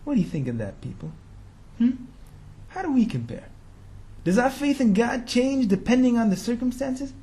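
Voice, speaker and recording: Lively, conversational male preacher. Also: extremely high pitch, moderate pace, long pauses. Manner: conversational, slangy, rhetorical questions. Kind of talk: storytelling sermon.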